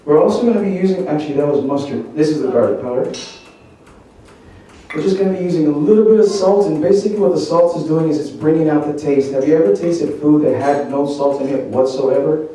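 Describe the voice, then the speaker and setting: A fairly high, mellow man's voice, talking an audience through a recipe with jokes and quick questions. He sounds set back from the mic in a large hall with heavy echo. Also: slight background noise. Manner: chatty and joking, quizzing the audience. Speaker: cooking demonstrator. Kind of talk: live cooking demonstration. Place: large echoey church hall. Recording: very echoey hall, mic at a distance.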